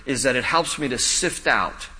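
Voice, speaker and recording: A man's voice: medium pitch, lively intonation, normal speed, bright, forceful tone, husky, long reverb tail. A man preaching a sermon, earnest and pleading, rising to urgent questions, then teaching in a conversational way. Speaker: pastor.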